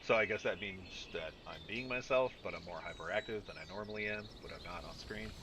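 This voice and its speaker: A man doing casual let's-play commentary, talking to himself with sudden shouts and mutters. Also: lowish voice, a little fast, noisy background. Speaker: gaming YouTuber.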